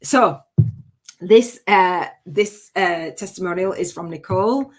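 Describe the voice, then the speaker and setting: A woman running a long live-stream masterclass as a spiritual business coach, talking in an energetic, chatty, rambling and emphatic way. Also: fairly low pitch, takes it slowly.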